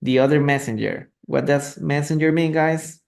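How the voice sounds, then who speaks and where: A man from Peru with a slightly high, a little mellow voice, vocal fry, and normal speed teaches English live online through a reading lesson. Using a phone or computer mic, he greets viewers, asks students questions, and patiently repeats and translates words.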